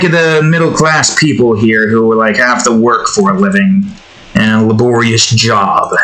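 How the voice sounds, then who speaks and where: A man with a bright, forward voice talking his way through a drawing session. His chat is loose and improvised, wandering off into asides and poking fun at himself, all at a middling pitch. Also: rough recording. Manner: rambling, improvised, self-deprecating chat. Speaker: YouTube artist. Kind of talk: casual commentary while drawing.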